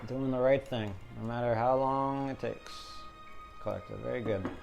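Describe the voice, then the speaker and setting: A man's voice: mid-range voice, fairly even intonation, moderate pace, creaky, a little mellow. Chatty man reading tarot over music. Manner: jokey, chatty, talks to viewers as collective. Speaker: tarot reader.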